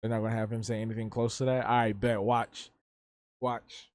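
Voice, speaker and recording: A man's voice: lowish voice, little pitch movement, very fast, a little mellow, no room sound, clean studio sound. A young man hosting a live drawing stream, chatting loosely in slang and answering his chat. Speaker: livestreaming artist.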